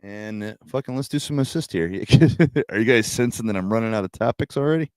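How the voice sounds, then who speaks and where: A man's voice: medium pitch, fairly quick, a little mellow, no echo, studio quality. A young adult man hosting a casual livestream hangout, talking in a laid-back, profane way and laughing often. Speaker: livestream host.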